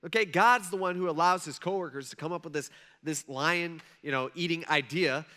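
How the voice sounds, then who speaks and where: A pastor giving a casual, conversational sermon, acting out scripture characters in quoted dialogue. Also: male voice, a little high, brisk, sharp tone. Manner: conversational, acts out the king and Daniel in quoted dialogue.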